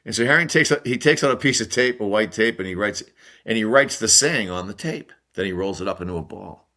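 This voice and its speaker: A man's voice: on the low side, fairly quick. An older man, a former hockey player, telling stories casually as a podcast guest and putting on other people's voices. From United States. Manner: animated anecdote-telling with mimicked voices and laughs. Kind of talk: casual storytelling.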